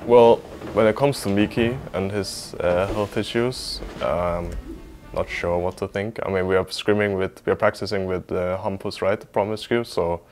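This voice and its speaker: Low-voiced man, loose hedging talk. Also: fairly even intonation, moderate pace, a little mellow, slight background noise. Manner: hedging, filler-heavy, loose and informal. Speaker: esports team player. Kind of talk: documentary interview.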